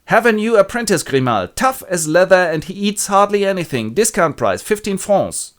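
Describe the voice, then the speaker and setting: A man voicing a cold, money-minded foster mother who talks in a brisk, businesslike way. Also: sits high, big pitch swings, pitched above the performer's own voice.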